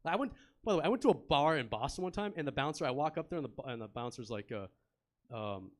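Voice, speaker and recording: A young man performs stand-up at a comedy club, speaking into a handheld mic. His voice sits at a middle pitch and his delivery is loose and chatty. He tosses easy banter at the audience between stories. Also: lively intonation, quick pace. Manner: laid-back, chatty, banters with the crowd.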